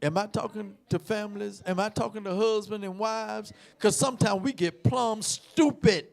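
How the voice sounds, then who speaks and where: A man preaching a sermon, emphatic, repeating words and swinging between shouts and quiet asides. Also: high-pitched, steady tone, moderate pace, gravelly, hardly any pauses.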